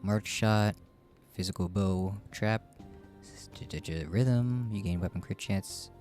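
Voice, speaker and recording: A man's voice: low-pitched, slow pace, darkish tone, soft background music. A man casually chatting through a game he is streaming, rambling and joking about himself. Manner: chatty, rambling, self-deprecating. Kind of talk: casual gameplay commentary.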